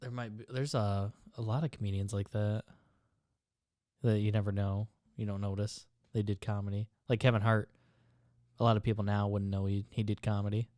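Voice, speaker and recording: A man with a Michigan accent trades jokes in a relaxed podcast chat and laughs easily. His voice sits a little low. The sound is close and dry, like a small studio. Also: normal speed, no echo. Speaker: podcast co-host. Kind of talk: casual chat.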